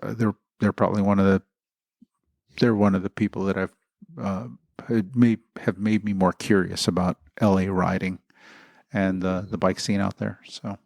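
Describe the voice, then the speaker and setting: Gravelly, low-voiced easygoing podcast host. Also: male voice, level tone, darkish tone, no room sound. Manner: musing, unhurried and easygoing. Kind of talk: casual chat.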